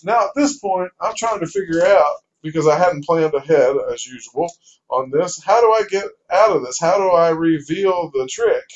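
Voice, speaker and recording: A man telling a casual spoken anecdote in a lively way, playing out each exchange as he goes. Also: fairly high pitch, normal speed. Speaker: storyteller. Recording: dull lo-fi recording.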